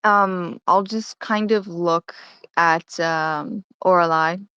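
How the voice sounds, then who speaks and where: A woman speaks softly and hesitantly as a player in a tabletop game. Her voice is smooth and fairly low. The mic sounds muffled and dry. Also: fairly even intonation, takes it slowly, no room sound. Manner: soft, hesitant.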